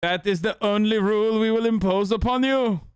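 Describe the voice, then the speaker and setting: A man's voice: sits high, normal speed, clear, resonant tone, no room sound, studio quality, close to an everyday voice. A man putting on a bossy invader. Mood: commanding. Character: bossy male Norwegian invader laying down rules.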